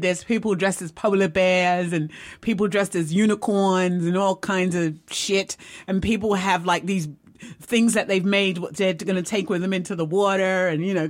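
A woman hosting a live video, telling a rambling, excitable story in a casual way and often checking in with "right?". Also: fairly low pitch.

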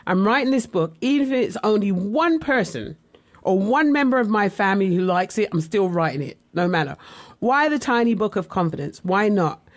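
A woman's voice: mid-range voice, lively intonation, normal speed. Candid woman telling her life story. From West Indian family. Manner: candid, reflective, conversational. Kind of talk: personal memoir storytelling.

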